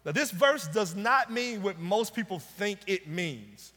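A man's voice: high-pitched, animated, unhurried, pushed and bright. A man preaching a sermon as pastor, driving his points home with emphatic, repeated rhetorical questions. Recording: long reverb of a large hall.

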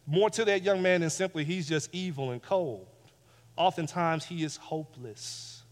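A male pastor preaching a sermon, repeating phrases emphatically and swinging between hushed and loud passages, on a clip-on mic. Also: a little high, moderate pace. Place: church sanctuary. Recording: long reverb of a church hall.

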